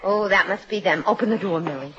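A woman's voice: medium pitch, brisk, background noise, lightly acted. An actress playing a scheming, good-natured mother who talks in a breezy, folksy way. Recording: dull lo-fi sitcom audio.

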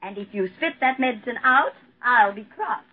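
A woman's voice: on the high side, lively intonation, moderate pace, lightly acted. An actress in a vintage radio drama playing a firm nurse who scolds her stubborn old patient. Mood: scolding. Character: brisk, firm private nurse. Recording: tinny old radio broadcast.

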